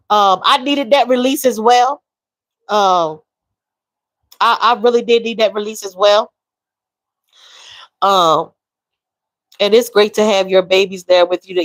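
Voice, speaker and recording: A woman's voice: medium pitch, a bit bright, dry recording, rough recording. A woman, talking openly and emotionally while reading out viewer comments. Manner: emotional, reads viewer comments aloud, drawls. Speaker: livestream host. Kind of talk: casual live-stream chat.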